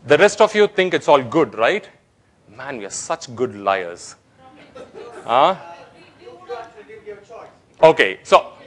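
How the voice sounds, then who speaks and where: A man's voice: mid-range voice, a bit bright. A man giving a playful, interactive conference talk, telling jokes and engaging the audience. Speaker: conference speaker. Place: conference hall.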